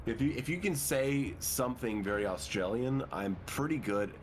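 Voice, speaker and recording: A man's voice: medium pitch, expressive, moderate pace, a little hiss or hum. A man chatting casually with another streamer, often stammering and repeating his words. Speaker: fellow streamer. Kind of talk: casual gaming stream chat.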